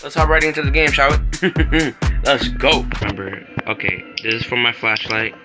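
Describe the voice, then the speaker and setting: A young man casually commenting on a horror game he is playing, teasing the enemies and yelling in fright when they chase him. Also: medium pitch, level tone, moderate pace. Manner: playful trash talk, nervous yelling when chased. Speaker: gaming streamer. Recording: loud background music.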